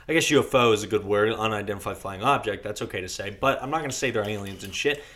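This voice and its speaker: A young man from Virginia co-hosts a podcast, telling a rambling story in a casual chat, full of swearing and restarts. His voice sits on the low side, with a fast pace and a fairly bright tone.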